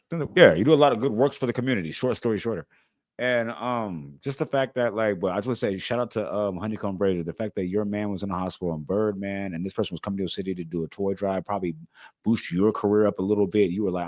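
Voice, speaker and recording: Low-voiced man hosting a livestream chat. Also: fast talker, a little mellow, dry recording, clean studio sound. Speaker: host. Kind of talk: livestream reaction interview.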